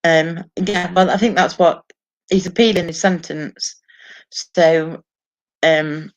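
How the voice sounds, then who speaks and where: Low-voiced and steady, a woman speaks slowly as she hosts a casual live stream by herself at home. She reads viewers' comments and swears and laughs frequently, all in a dull lo-fi recording.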